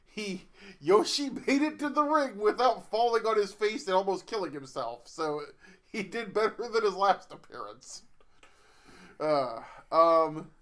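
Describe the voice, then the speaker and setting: A man co-hosting a casual wrestling podcast who rambles, halting and restarting his sentences as he chats. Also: sits high, expressive, fairly bright tone. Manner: rambling, halting, self-interrupting. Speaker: podcast co-host.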